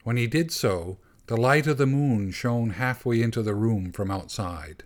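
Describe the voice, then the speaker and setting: A man reading a storybook aloud as narrator, in a calm, measured way. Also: medium pitch.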